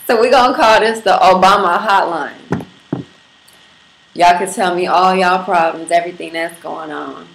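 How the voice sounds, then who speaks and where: Livestreaming from her Brooklyn apartment, a brash, profane, playful host talks straight to her viewers. Her lowish, fairly bright voice moves slowly with vocal fry and frequent pauses. The room is echoey, with faint background noise.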